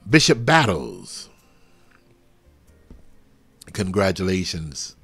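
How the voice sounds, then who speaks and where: A man leading a live prophetic prayer over a livestream, fervent and swinging from soft murmurs to loud exclamations. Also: lowish voice, lively intonation, a little slow, faint music behind. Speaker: pastor. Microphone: livestream webcam.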